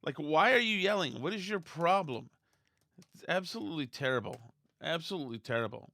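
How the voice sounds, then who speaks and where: A man's voice: on the high side, big pitch swings, fairly quick, sharp tone, dry recording, clean studio sound. Blunt, scornful male podcast ranter. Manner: blunt, scornful ranting with restarts. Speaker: podcast host. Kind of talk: political commentary podcast.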